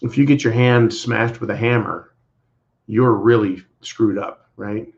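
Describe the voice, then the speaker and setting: On dull lo-fi livestream audio, a man co-hosting the broadcast talks a little slowly in a fairly low voice with fairly even intonation. His political commentary is casual yet emphatic and repetitive, aimed at viewers he addresses as "folks".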